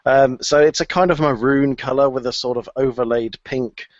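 A man's voice: mid-range voice, fairly even intonation, normal speed, no echo. A man co-hosting a casual podcast, chatty, with frequent fillers and easy laughter. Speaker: podcast co-host. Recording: dull lo-fi podcast audio.

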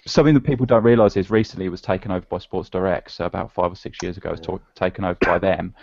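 A man's voice: low-pitched, fairly even intonation, very fast, creaky, darkish tone, no room sound. A man co-hosting a podcast, telling a story in casual, slightly wistful chat. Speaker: podcast co-host. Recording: dull lo-fi podcast audio.

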